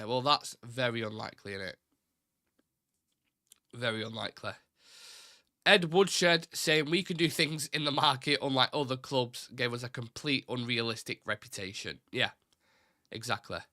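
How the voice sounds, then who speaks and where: A man's voice: mid-range voice, no echo, clean studio sound. A young man from Salford with a Mancunian accent, hosting a live fan show and reading out chat questions in a blunt, opinionated way. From Salford, Greater Manchester. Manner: blunt, opinionated, swears, fast and animated. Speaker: host of a fan talk show. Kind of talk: live-stream chat, reading viewer comments.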